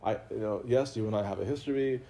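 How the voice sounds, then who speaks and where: A religious teacher gives an informal spiritual talk to an audience, conversational and playful, often laughing and repeating himself. His voice is fairly low, creaky and dark, and he talks fast. Slight background noise is present.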